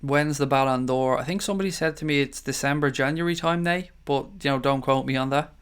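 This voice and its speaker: An Irish livestream host rambles easily through viewer comments late at night, chatty and calling everyone mate. His smooth, clear voice sits at an everyday middle pitch, fairly quick and fairly bright, with a tired edge.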